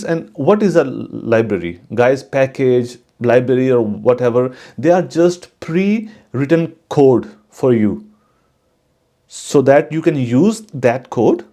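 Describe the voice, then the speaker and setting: A man hosting his own channel, giving a casual, unhurried tutorial on coding for network engineers, with frequent fillers and restarts. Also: medium pitch, warm tone. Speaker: channel host teaching network automation.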